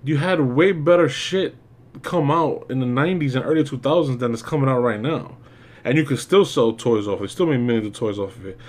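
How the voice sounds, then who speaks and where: A man's voice: mid-range voice, brisk. Male reviewer host, casual exasperated rant, filler-heavy and profane, mid-range voice. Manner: ranting, exasperated, lots of fillers and swearing. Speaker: movie reviewer. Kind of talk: casual spoken movie review.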